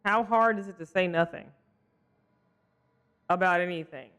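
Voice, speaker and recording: A game streamer casually chatting with live viewers while playing, expressive and apologetic, swinging between loud exclamations and soft mutters. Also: mid-range voice, moderate pace, smooth. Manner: chatty and sympathetic, reacting to chat with frequent apologies.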